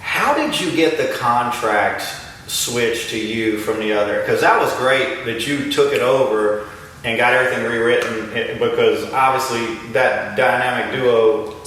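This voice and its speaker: A man hosting a casual interview, encouraging and quick with short affirmations. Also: mid-range voice, a bit bright, a little hiss or hum. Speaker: host, mortgage lender. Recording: echoey room, distant mic.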